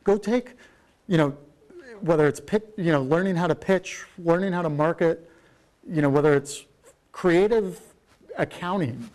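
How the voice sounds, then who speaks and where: A man's voice: on the high side, measured pace, a little mellow. A middle-aged man giving a keynote, rambling with lots of fillers and the odd swear word. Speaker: keynote speaker. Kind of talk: rambling conference talk.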